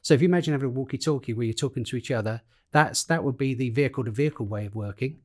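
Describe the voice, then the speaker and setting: Professor explaining radio tech plainly. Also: male voice, medium pitch, rapid-fire. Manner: explains with everyday comparisons, restarts sentences. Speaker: professor and guest expert. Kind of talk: podcast interview.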